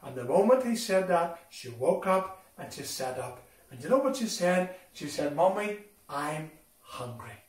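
A man telling a Bible story to children at a school assembly, animated and expressive as he talks to them directly. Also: high voice, moderate pace. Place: school hall. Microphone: distant from the recording mic. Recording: echoey hall from far off.

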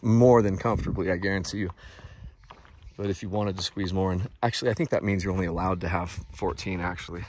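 A man with a somewhat low voice leads viewers through a large rental house, chatty, excitable and a little out of breath. The recording carries a faint hiss of background noise. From United States. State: breathing heavily. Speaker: vlogger giving a house tour. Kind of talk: casual walk-through vlog.

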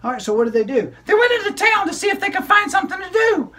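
Man voicing a high squeaky female puppet, perky, chatty, eager storyteller, bouncy lively pitch, children's puppet show. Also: fast talker, exaggerated voice. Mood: excited.

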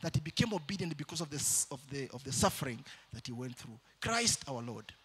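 A man preaching a sermon in church, shifting between loud calls to the congregation and quieter storytelling. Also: mid-range voice, sing-song, fairly quick, husky.

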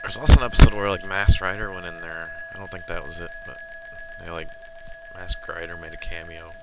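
A man's voice: deep voice, steady tone, a little fast. A young man giving casual, rambling commentary while playing a video game, swearing often as he loses, recorded on a boosted computer mic that crackles. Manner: rambling, profane, swears often when losing. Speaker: let's player. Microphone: boosted computer mic with crackling audio. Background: loud game music.

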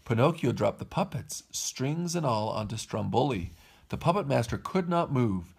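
Gravelly dad reading a storybook aloud. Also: male voice, medium pitch, normal speed, a little hiss or hum. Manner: expressive, lively reading. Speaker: father reading to his kids.

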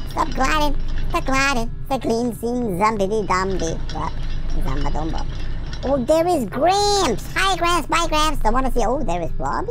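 High, wildly swooping woman gamer. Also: sing-song, a little slow, rough recording. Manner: shrieky, silly, sing-song nonsense rhymes. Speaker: gaming video host. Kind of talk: excitable game commentary. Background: loud game music.

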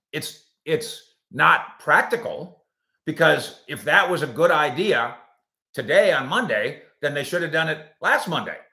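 Lively, bright-voiced man hosting a sports show. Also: on the high side, reverberant. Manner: wisecracking, puts on silly voices for comments. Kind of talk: live show reading viewer comments.

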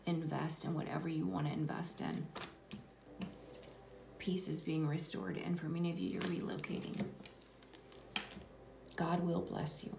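A woman gives a spiritual tarot reading in a soft, reassuring voice that often sinks to a whisper. Her tone sits low and carries a gravelly fry. She sounds distant from the mic in an echoey room, with steady noise behind her. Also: unhurried, pauses often. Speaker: tarot reader.

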